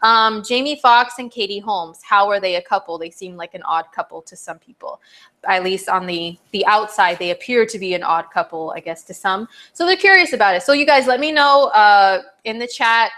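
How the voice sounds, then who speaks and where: Bright, bubbly woman astrologer. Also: mid-range voice, moderate pace. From not from New Jersey. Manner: chatty and bubbly, laughs often, answers chat questions. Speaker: astrologer hosting a live stream. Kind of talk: casual live-stream astrology chat.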